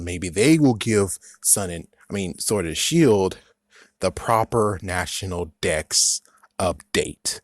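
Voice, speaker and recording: A young man ranting casually in a vlog, exasperated, swinging from loud outbursts to muttered asides. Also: fairly low pitch, dry recording, studio quality. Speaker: video creator.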